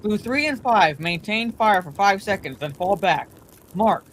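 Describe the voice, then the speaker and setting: A woman reading aloud, voicing a terse male super-soldier squad leader who gives calm, clipped orders in a storybook reading. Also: mid-range voice, unhurried, slight background noise, lightly acted. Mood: commanding.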